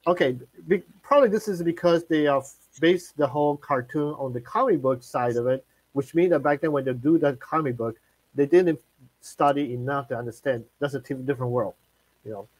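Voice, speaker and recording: Halting male live-stream host, dry sound. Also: a little high, no room sound, poor audio. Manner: halting, many fillers and restarts.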